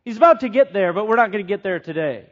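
A man's voice: high-pitched, expressive, fast talker. A man preaching a sermon in an earnest way, putting questions to the congregation and repeating phrases for emphasis. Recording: dull lo-fi sound.

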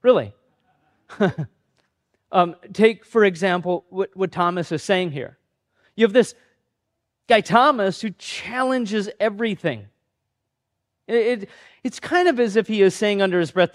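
A man's voice: sits high, normal speed, pauses often. A man preaching a sermon in a conversational, self-deprecating way, acting out the voices of the people he quotes. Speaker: pastor.

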